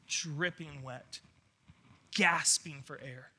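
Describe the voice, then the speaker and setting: An earnest pastor preaches his sermon, a man speaking at an unhurried pace. His voice sits high and rings sharply bright. He drives each point home with emphasis, often restarting mid-phrase. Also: fairly even intonation.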